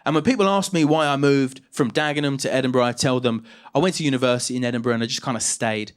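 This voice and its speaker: A man's voice: medium pitch, quick pace, clear, resonant tone. A man in his thirties from England performing a stand-up comedy set, self-mocking and punchy.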